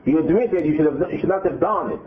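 A man's voice: a little high, animated, quick pace, a crowd in the background. A man giving a Torah lesson, retelling scripture with many repeats and acted quotes. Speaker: religious teacher. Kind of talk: Torah lesson to a live group. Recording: narrow phone-like audio.

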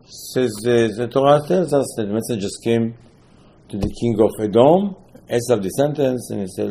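A man giving a Torah class as a rabbi. He talks in an animated way, acts out the quotes and uses loose, non-standard English. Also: mid-range voice, moderate pace, slight background noise, poor audio. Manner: animated, acts out quotes, mixes in Hebrew terms.

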